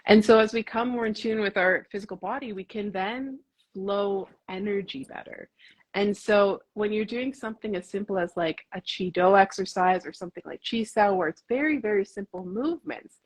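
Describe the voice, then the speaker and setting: Woman instructor, husky voice, earnest casual talker, heavy on fillers. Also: medium pitch, moderate pace, rough recording. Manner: earnest, uses many fillers like "like" and "you know". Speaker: martial arts instructor. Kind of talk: casual conversation.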